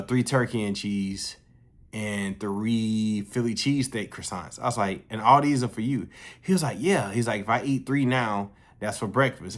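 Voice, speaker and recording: A young man telling a casual story, profane and animated, jumping his voice up high when he quotes others.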